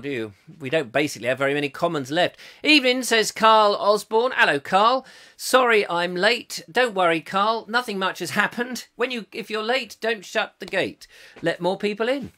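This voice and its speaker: Jokey guy hosting a live webcam chat show, bright voice, reads out comments. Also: high-pitched, expressive, fairly quick. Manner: playful, rambling, jokey, reading out viewer comments. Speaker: host. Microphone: webcam, live stream.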